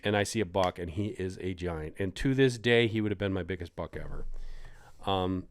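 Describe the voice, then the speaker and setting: Lively low-voiced man telling a story. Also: moderate pace. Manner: animated, acts out quotes with big pitch jumps. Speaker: podcast co-host telling a hunting story. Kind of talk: casual storytelling chat.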